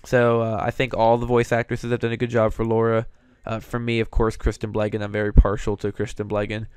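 A man's voice: fairly low pitch, completely flat delivery, a little fast, darkish tone, clear, resonant tone, dry recording. A young man hosting casual commentary, an opinionated, chatty fan. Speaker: show host reviewing voice actors.

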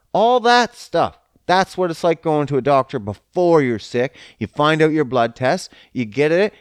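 Man, casual monologue, crude and profane, rambling, lively up-and-down pitch, dry close sound. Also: smooth, no room sound. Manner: laid-back, smoking while talking.

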